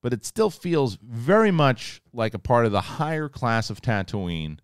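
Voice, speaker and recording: A man giving a casual, rambling spoiler review, animated and joking, acting out characters' lines now and then, with some swearing. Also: medium pitch, measured pace, smooth, dry recording, clean studio sound. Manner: rambling, conversational, mild swearing. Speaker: TV show reviewer.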